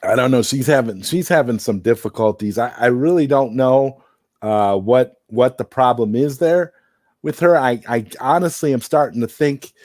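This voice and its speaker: A man hosts a relaxed late-night live stream, talking in a loose, rambling way that keeps doubling back on itself. His voice sits at a medium pitch and sounds dry and close, with little room around it. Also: normal speed, no echo. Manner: rambling, circles back and repeats himself.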